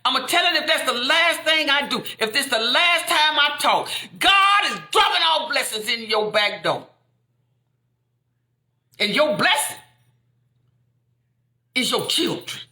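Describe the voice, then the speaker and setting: Fervent, lively, high-voiced woman preaching. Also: measured pace, long pauses, roomy sound. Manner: fervent, repetitive, builds to shouts. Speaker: inspirational speaker. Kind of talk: impassioned preaching.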